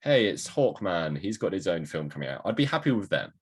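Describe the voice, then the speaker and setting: A male podcast co-host joking playfully in casual chat over a video call. His voice is very low and husky. His pitch moves up and down a lot. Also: very animated, a little fast.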